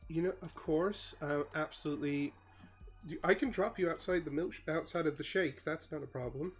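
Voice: mid-range voice, normal speed, breathy edge, faint music behind. A game master voicing a chatty, reassuring suburban mother of a teenage girl in a tabletop role-play. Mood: helpful.

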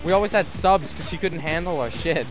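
A man's voice: a little high, brisk, over music, poor audio. A young man from Canada telling crude school stories in a rambling, casual way, laughing at himself. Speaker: livestreamer. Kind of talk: casual storytelling chat.

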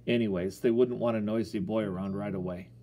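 A man's voice: on the low side, fairly even intonation, brisk, mellow. A man narrating a first-person children's story in a folksy, boyish storytelling manner. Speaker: audiobook narrator.

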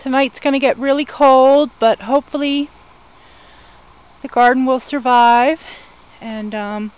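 A woman's voice: high-pitched, fairly even intonation, a little slow, smooth, highs cut off. A woman giving a casual tour of her outdoor garden, chatting to viewers and gushing over her plants as she wanders. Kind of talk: casual meandering garden walk-through.

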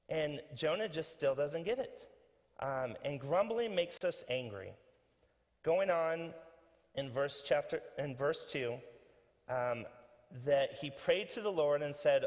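A pastor giving a conversational, animated sermon with many fillers and restarts. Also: male voice, on the high side, unhurried, big-room sound. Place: church sanctuary.

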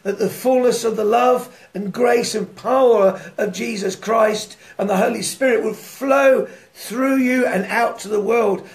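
High-voiced gravelly man preaching. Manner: lively, asks listeners many rhetorical questions; laughs often while preaching. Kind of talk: devotional sermon.

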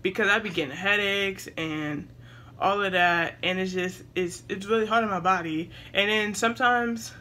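A young woman at home vlogs in a casual way, turning from her viewers at times to talk to her baby. She speaks at a moderate pace with medium pitch and a sharp tone.

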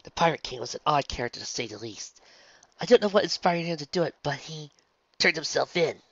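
A man voicing a remorseful, regal female pony princess, speaking in a soft, measured way. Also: on the high side, animated, no room sound, voice pushed up. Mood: solemn. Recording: dull lo-fi, dry.

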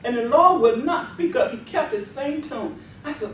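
A woman's voice: high voice, lively intonation, measured pace, a little hiss or hum. A woman minister giving a testimony and then leading a deliverance prayer with fervent, repetitive commanding cries. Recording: echoey hall from far off.

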